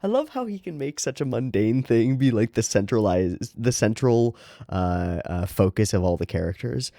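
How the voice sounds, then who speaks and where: A man reading a comic aloud and riffing on it with loose, irreverent commentary. His tone is dark and mellow, and his pitch jumps around a lot. The sound is dry and close, with no room echo. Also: animated, normal speed, gravelly. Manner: irreverent, swears casually. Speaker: comic reader and channel host.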